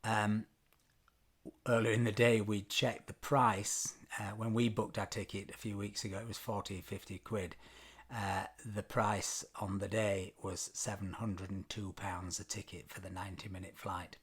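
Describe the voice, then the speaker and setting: A man's voice: fairly low pitch, flat delivery, a little slow, husky. A British man vlogging, telling a travel story casually with frequent ums and wry self-deprecating asides. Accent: British English. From Britain.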